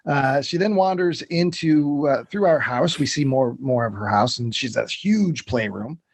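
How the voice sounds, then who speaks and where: A podcast co-host with a gravelly, medium-pitched voice recaps a film scene by scene at a moderate pace in loose chat. He swears and rambles with many fillers, and there's no room sound.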